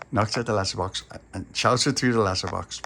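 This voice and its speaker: A man's voice: on the low side, fairly even intonation, normal speed, gravelly, a bit bright, slight background noise. A man narrating a homely children's story in a chatty way.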